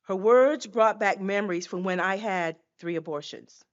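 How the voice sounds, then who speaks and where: A woman's voice: medium pitch, moderate pace, dull audio. Woman in her sixties telling a dramatic testimony. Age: 60s. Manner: storytelling, acting out scenes. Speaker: guest speaker.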